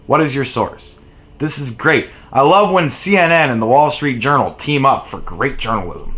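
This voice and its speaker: A man's voice: medium pitch, moderate pace, slight background noise. A man hosting a political commentary video, ranting sarcastically and profanely over news clips. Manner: profane, mocking, animated rant.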